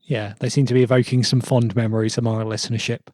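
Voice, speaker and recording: A man's voice: mid-range voice, level tone, fast, a little mellow, no room sound. A man with a mid-range voice co-hosts a tech podcast, cueing up listener mail and chiming in with short, dry comments. The recording is close with no room sound. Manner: brief, dry remarks and cues. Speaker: podcast co-host.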